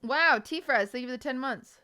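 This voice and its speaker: Smooth, slightly high-voiced woman streamer. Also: normal speed, sharp tone. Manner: chatty, thinks aloud while clicking through a lesson. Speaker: livestream host. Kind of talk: casual livestream chat.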